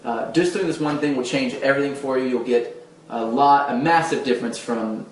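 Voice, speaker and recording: A man's voice: medium pitch, fairly quick, a little hiss or hum. A man coaching viewers on confident speech, talking earnestly with frequent restarts and fillers. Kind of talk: direct-to-camera advice talk. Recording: roomy echo, mic at a distance.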